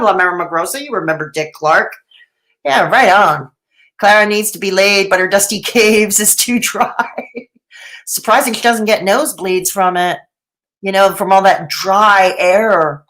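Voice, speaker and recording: A Canadian woman hosts a live commentary stream, reading chat aloud in a sarcastic, chatty way and laughing often. Her voice is medium-pitched with a fairly bright tone.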